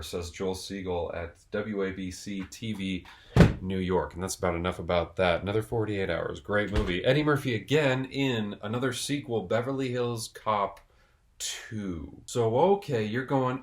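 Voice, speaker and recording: A man's voice: mid-range voice, measured pace. A man hosting a casual, jokey video review, rambling and restarting his sentences. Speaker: video host and film reviewer.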